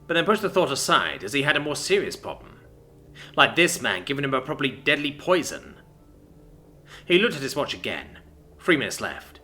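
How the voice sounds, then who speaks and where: A man reading a story aloud in a dramatic, expressive narration. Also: medium pitch.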